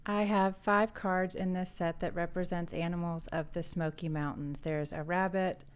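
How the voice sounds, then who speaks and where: Low-voiced woman narrating a day-in-the-life vlog. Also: fairly even intonation, normal speed, clean tone. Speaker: artist and shop owner. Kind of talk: scripted vlog voice-over narration. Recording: voice-over with faint background music.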